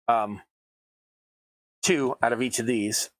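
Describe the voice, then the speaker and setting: A man's voice: on the low side, measured pace, pauses often, fairly bright tone, dry recording, low-quality recording. A man hosting a terrain crafting channel, talking through his work in a chatty, self-mocking way at a home workbench. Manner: chatty, self-mocking asides while working. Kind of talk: casual crafting tutorial talk.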